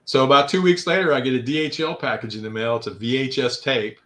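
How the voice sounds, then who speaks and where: An older man in his sixties tells stories in a relaxed interview, his voice sitting at a middle pitch. He breaks into lively, raised voices when he quotes other people, then settles back into easygoing chat. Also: fast talker, a little hiss or hum. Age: 60s. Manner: animated storyteller, acting out quotes in a raised voice. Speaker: guest. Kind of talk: casual interview storytelling.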